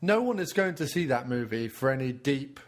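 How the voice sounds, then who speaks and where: Bloke co-host, crude film banter, sweary and quick-witted. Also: male voice, medium pitch, very animated. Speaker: podcast co-host. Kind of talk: casual film commentary chat.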